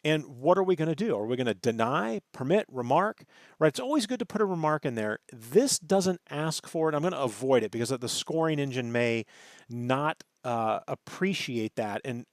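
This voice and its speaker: Lively male tech instructor, dry sound. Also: medium pitch, no echo. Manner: thinks aloud, self-correcting, stresses terms, asks "right?". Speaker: networking instructor. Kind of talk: screen-recorded lecture.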